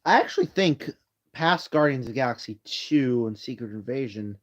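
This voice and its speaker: A man's voice: medium pitch, animated, normal speed. A man casually chatting on a live stream at home, ranking movies in a tired, rambling way with yawns. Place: home room. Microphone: phone.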